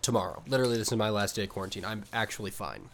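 A young man co-hosting a podcast, telling stories in a casual, animated way with swearing. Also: on the low side, very fast, slight background noise. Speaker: podcast co-host. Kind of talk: casual chat.

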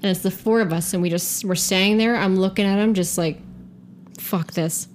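A young adult woman telling a story in a casual podcast chat, animated, profane and self-mocking. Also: medium pitch, fast, slight background noise. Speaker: guest storyteller.

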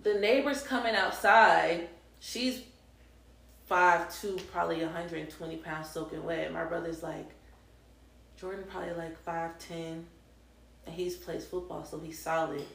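A woman co-hosting a casual podcast chat, telling a personal story in an animated way and acting out the people she quotes. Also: lowish voice, moderate pace, creaky, echoey room, a little hiss or hum. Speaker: podcast co-host.

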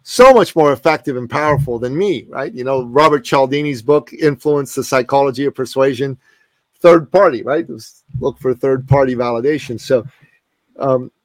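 Guy in his 40s telling a story on a podcast, fired up and emphatic, middle pitch, dry close sound. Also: dry recording. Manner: emphatic, passionate, with repeated restarts. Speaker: podcast guest. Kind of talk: animated storytelling.

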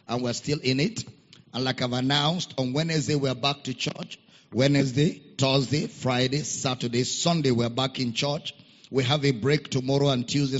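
A man preaching a sermon as pastor, repeating his key phrases and calling for amens from the congregation. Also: mid-range voice. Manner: repeats key phrases, rousing call-and-response. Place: church auditorium. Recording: muffled echoey church hall.

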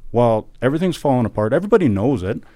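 Speaking very fast in a warm, sing-song mid-range voice, a middle-aged man from Canada, a former election candidate, gets fired up as a podcast guest. He hammers his political points with repeated words and fervent bursts, and the sound has no echo.

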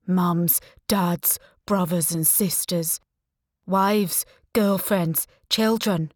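A woman voicing the ghostly heads of dead men in a nightmare, accusing in slow, drawn-out, mournful tones. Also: lowish voice, dry recording, studio quality.

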